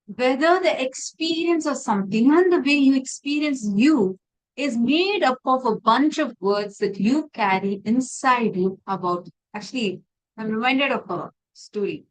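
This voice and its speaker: A woman leading an online spiritual class, asking her listeners questions and telling a story in an animated way. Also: high voice, a little slow, low-quality recording. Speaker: spiritual teacher.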